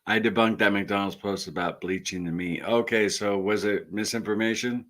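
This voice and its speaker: Low-voiced easygoing man in his forties. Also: steady tone, moderate pace, a bit bright. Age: 40s. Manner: easygoing, jokey, reads comments aloud. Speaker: co-host reading viewer comments. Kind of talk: casual live Q&A chat.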